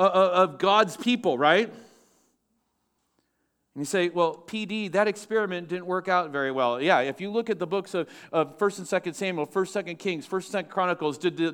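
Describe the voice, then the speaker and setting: Guy preaching a sermon, kinda high voice, gets loud then goes quiet. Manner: animated preaching, swings between loud and hushed. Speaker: pastor.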